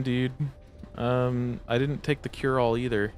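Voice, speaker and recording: A man's voice: mid-range voice, level tone, a little slow, faint music behind. A young man streaming a game, joking and rambling casually to his viewers and swearing freely. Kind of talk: casual chat to stream viewers while gaming.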